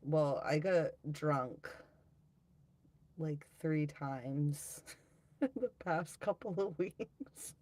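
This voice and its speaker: A woman's voice: sits low, a little mellow. A woman hosting a live stream, reading viewer comments aloud and chatting in a rambling, offhand way. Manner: rambling, offhand, quick to laugh at herself. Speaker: livestream host.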